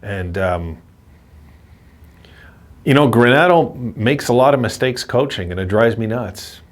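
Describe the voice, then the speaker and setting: After the game, a frustrated man vents about hockey as a fan commentator, his medium-pitched voice full of lively intonation but unhurried. His rant circles back on itself repeatedly, and he swears at his own team.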